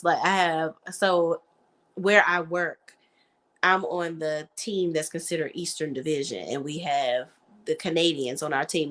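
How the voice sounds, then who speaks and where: A woman hosting a casual chat about reality TV, blunt and profane, quick to laugh. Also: low voice, a bit bright. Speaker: host.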